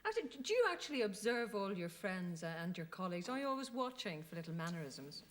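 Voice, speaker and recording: A woman's voice: mid-range voice, big pitch swings, fast talker. A woman hosting a TV chat show, asking friendly, curious questions. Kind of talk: TV interview. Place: TV studio.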